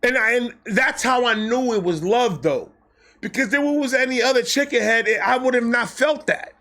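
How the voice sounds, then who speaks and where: A young man telling a casual, comedic story, animated, acting out quotes with slang and swearing. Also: very high-pitched, moderate pace. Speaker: storyteller host.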